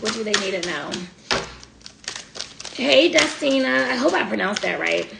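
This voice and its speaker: A woman's voice: fairly high pitch, lively intonation, measured pace, gravelly, pauses often. A woman giving a casual live tarot reading, blunt and slangy, talking straight to her viewers. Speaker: tarot reader. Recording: echoey room, faint noise.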